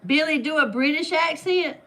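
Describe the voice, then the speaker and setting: A woman's voice: sits high, moderate pace, bright, forceful tone. A woman hosting a casual trivia game with friends. She reads out questions and answers in a playful, teasing way. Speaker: game host.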